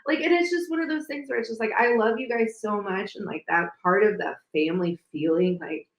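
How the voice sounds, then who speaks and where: A woman co-hosting a podcast, chatting casually and gushing with feeling. She fills her talk with likes and you-knows and sounds close to tears. Her voice has a middling pitch and carries a roomy echo. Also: fairly quick. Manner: emotional, gushing, many fillers. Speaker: podcast co-host. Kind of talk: casual chat.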